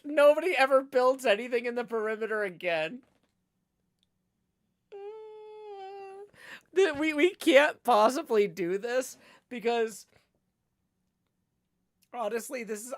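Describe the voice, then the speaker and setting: A man's voice: fairly high pitch, no room sound, clean studio sound. A man from Nashville, chatting casually on a livestream in a rambling, self-deprecating way. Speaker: streamer.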